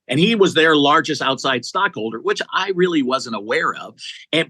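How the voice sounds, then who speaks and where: An energetic man in his sixties, an executive recruiter, tells stories conversationally as an interview guest. His voice is on the high side with no echo, and his enthusiastic sentences tumble out with many restarts.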